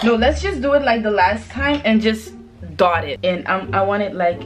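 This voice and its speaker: A woman's voice: medium pitch, moderate pace, soft background music. A young woman vlogging at home, chatty and nervous, giggling and swearing freely as she talks to her viewers. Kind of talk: casual vlog chat to camera. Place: room at home.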